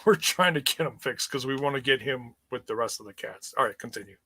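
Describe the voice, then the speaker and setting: A man's voice: medium pitch, fast, sharp tone. A man co-hosting a wrestling review podcast, chatty and rambling, laughing often. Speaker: podcast co-host. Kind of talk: casual wrestling review chat.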